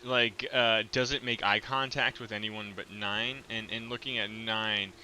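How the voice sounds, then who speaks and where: A man narrating as game master of a tabletop game, unhurried and full of fillers. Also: lowish voice, flat delivery, bright, forceful tone, slight background noise, low-quality recording.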